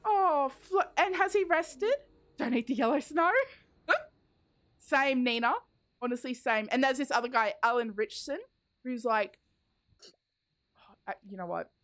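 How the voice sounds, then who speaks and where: A woman's voice: high voice, a little slow, long pauses, a bit bright. Giggly chatty woman streamer. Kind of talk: casual chat while gaming.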